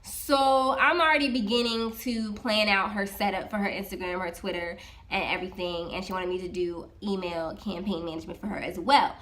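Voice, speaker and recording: A woman's voice: medium pitch, fairly quick. Female vlogger, freelance social media manager, chatty storytime delivery that acts out the dialogue. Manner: animated, retells dialogue with many "I was like" asides. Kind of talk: casual storytime retelling.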